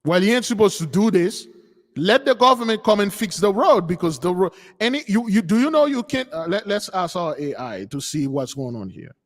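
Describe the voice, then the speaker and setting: A channel host with a high, animated voice talks briskly through a livestream commentary. His delivery is emphatic and preachy, and he keeps repeating his points. The recording has a long reverb.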